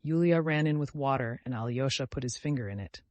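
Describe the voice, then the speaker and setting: A man narrating an audiobook of a classic novel in a measured, expressive reading. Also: mid-range voice, dry recording. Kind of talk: scripted narration.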